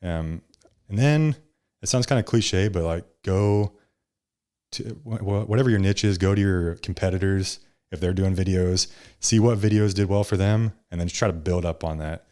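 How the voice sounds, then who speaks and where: A young man talks as a podcast guest in a laid-back, casual way. His voice sits a bit low, and he calls his own delivery monotone. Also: normal speed. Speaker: podcast guest, social media creator.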